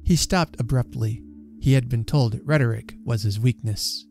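Male storyteller, warm mellow voice, middle pitch, measured and expressive, faint music underneath. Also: creaky. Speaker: reader and channel host. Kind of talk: storytelling reading.

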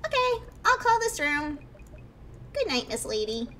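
A woman voicing a playful little girl in a high, sing-song kid voice. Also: very animated, a little slow, bright, forceful tone, slight background noise, full character voice. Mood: cheeky.

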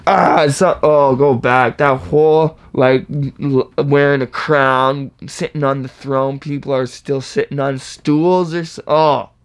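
A man's voice: medium pitch, slow pace, few pauses, clean tone. A man hosting a reaction video, chatting casually and whooping at lines he likes. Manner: excitable, hypes bars with whoops and laughs.

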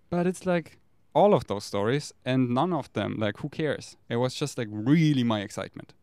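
A man rambles candidly, swearing freely as he talks. His voice is smooth and clear. It sounds dry and close, with no room echo. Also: mid-range voice, a little mellow. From Germany. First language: German. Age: 30s. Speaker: vlogger. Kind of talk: casual confessional monologue.

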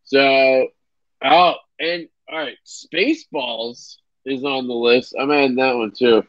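A man's voice: medium pitch, steady tone, slow pace, dry recording. A young man hosting a casual livestream chat, rambling and swearing with lots of fillers. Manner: laid-back, swearing, rambling with many fillers. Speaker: livestream host. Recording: dry, dull lo-fi sound.

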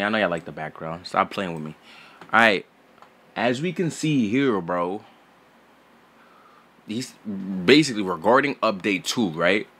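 Loud, excitable young man with a bright voice. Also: sits low. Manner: loud, excitable, slangy, repeats "bro" constantly. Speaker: gaming YouTuber. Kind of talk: casual gaming news vlog. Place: home recording setup.

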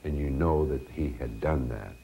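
An older man, once a children's TV host, recalls stories from his show in an unhurried, hesitant interview. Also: a bass voice, gravelly, over loud music. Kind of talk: reminiscing interview.

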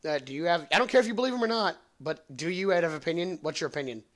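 A young male podcast host talks very fast in an expressive, fairly bright voice pitched on the high side. He tells a long, rambling story thick with profanity and jokes, laughing at them himself.

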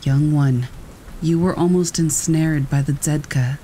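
A man voicing a wise old female forest guardian, speaking gently and slowly in a storybook tale. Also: on the high side, fairly even intonation, a little hiss or hum, natural voice, poor audio. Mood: gentle warning.

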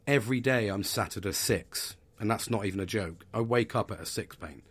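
A man's voice: mid-range voice, slightly rough. A man in his thirties hosting a podcast, talking candidly and bluntly about stress, swearing and restarting his sentences. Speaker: podcast host. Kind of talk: candid personal talk on mental health.

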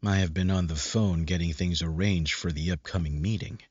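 A man's voice: low voice, steady tone, normal speed, slightly rough, dry recording. A man reading a first-person audiobook in a brooding, self-questioning way. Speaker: audiobook narrator. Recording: dull lo-fi recording.

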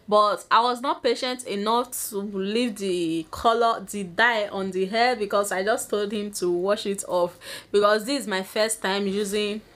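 A woman's voice: medium pitch, a bit bright. A young woman with a Nigerian English accent, chatting casually to her camera in a vlog and giggling often. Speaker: vlogger.

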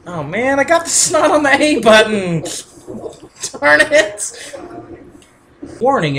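Silly woman gamer, lively swooping voice, noisy home recording. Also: fairly high pitch. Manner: goofy, giggly and rambling. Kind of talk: casual gameplay commentary.

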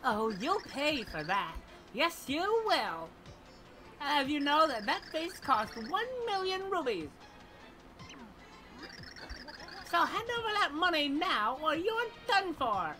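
Bratty valley girl baddie, a woman doing the voice, squeaky and sharp. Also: big pitch swings, measured pace, faint music behind, full character voice. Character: bratty spoiled young female villain, greedy.

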